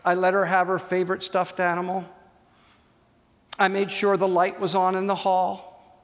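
High-voiced man preaching in a hall. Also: normal speed. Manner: animated storyteller, acts out voices. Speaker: pastor. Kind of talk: sermon with storytelling. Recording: long hall reverb.

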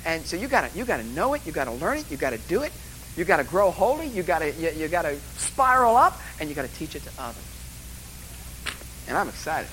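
A man's voice: fairly high pitch, sing-song, fast, fairly bright tone, slight background noise, low-quality recording. A man lecturing a class at a course orientation, rambling and joking with emphatic asides. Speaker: college instructor.

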